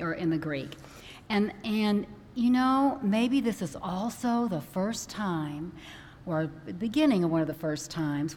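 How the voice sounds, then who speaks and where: A woman minister giving a conversational sermon, growing animated when she acts out a worried parent. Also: mid-range voice. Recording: long hall reverb.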